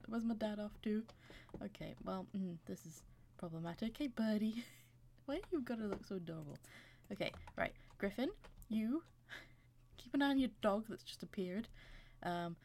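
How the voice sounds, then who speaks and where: A woman's voice: on the high side, darkish tone. A woman giving casual let's-play commentary, chatty and giggly, talking to her characters as she plays. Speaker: gaming channel creator.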